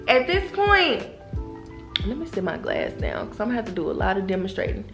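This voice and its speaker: A young woman vlogger telling a storytime in an animated, profane way, talking straight to her viewers. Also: mid-range voice, normal speed, pauses often. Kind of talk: casual storytime. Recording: roomy echo, faint background music.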